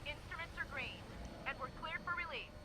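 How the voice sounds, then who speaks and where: A woman voicing a brisk female military gunship pilot in a video game, talking in clipped radio phrases. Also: high-pitched, animated. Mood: businesslike. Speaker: aircraft pilot. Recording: voice under loud gunfire.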